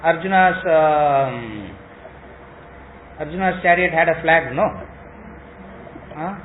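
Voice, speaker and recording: A man's voice: a little high, slow. A man teaches a scripture class. He repeats phrases and keeps asking the room rhetorical questions. The recording is thin and tinny like a phone line, with a faint hiss behind it. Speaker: spiritual teacher.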